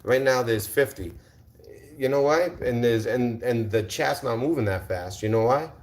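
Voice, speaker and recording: A man's voice: medium pitch, normal speed. A man hosting a livestream, confrontationally ranting at viewers in the chat, repeating rhetorical questions and swearing. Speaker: livestream host. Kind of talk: heated livestream rant.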